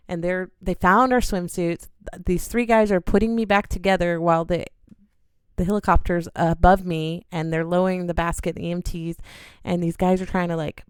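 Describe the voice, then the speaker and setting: A woman recounts a personal misadventure in a casual storytime, giggling and acting out the voices with sudden jumps up in pitch. Her voice is smooth and clear, recorded close in a dry, dead room. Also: no echo. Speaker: channel host telling a story.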